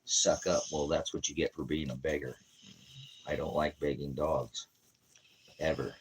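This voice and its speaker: A man with a very low voice talks loosely through a home live stream, drifting between preaching and joking. He keeps breaking off to talk to his dogs. The recording carries clear background noise. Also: steady tone, measured pace, pauses often. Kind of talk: casual live-stream chat.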